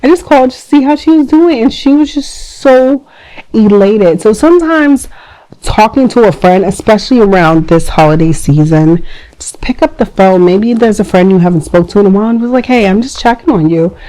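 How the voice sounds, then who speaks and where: A young adult woman hosting a podcast, giving advice in a casual, chatty way with lively acted-out quotes. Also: medium pitch, normal speed, poor audio. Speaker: podcast host.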